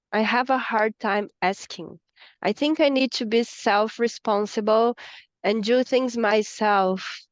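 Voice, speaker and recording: A woman moderating an online lecture, reading audience questions aloud in a plain, measured way. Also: mid-range voice, dry recording.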